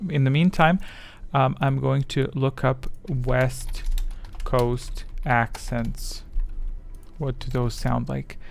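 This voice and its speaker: A man's voice: mid-range voice, flat delivery, takes it slowly, gravelly, a little hiss or hum. A man chatting casually on his livestream, rambling and self-deprecating as his thoughts wander. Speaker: streamer.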